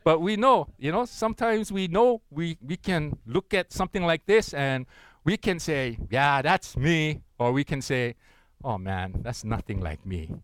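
A man's voice: fairly high pitch, lively intonation, unhurried, a bit bright, clear, resonant tone, no echo. A middle-aged man preaching a sermon, leading the congregation in reading aloud and checking in with frequent tag questions in an earnest, encouraging way. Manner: interactive, leads congregation in unison reading. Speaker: pastor.

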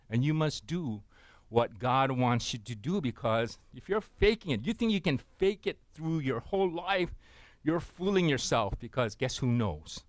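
A man's voice: medium pitch, no echo. A man preaching a sermon, telling a story and often asking his listeners "right?" and "amen?". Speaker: pastor.

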